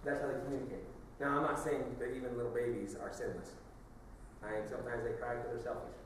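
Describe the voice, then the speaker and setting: A man's voice: lowish voice, steady tone, a little fast, long pauses, background noise. Man preaching in an echoey church. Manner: conversational preaching with jokes and rhetorical questions. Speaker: pastor. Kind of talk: sermon. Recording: echoey church hall, from a distance.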